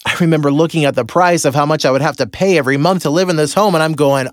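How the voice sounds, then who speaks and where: A man's voice: fairly high pitch, quick pace, hardly any pauses, dry recording, clean studio sound. A man hosting a podcast, telling a personal story to his listeners and acting out his own inner voice. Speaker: podcast host and business mentor.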